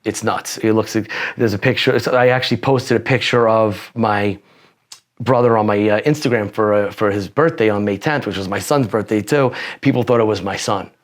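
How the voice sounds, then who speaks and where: A man's voice: on the low side, moderate pace. A man in his forties, a podcast guest telling personal stories in a rambling, profane way with many restarts. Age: 40s. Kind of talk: casual interview storytelling.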